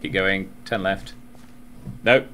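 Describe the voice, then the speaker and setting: A man's voice: sits low, slow, fairly bright tone, slight background noise. A man in a casual gameplay chat, patiently giving directions.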